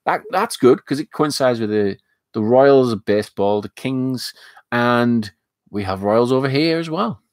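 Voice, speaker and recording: Northern English male streamer, rambling casual chat, mid-pitched, dry close sound. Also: expressive, a little slow, dry recording. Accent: Northern English, mixing northwest and northeast. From north of England. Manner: rambling and chatty, with frequent fillers and restarts. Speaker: live stream host reading chat.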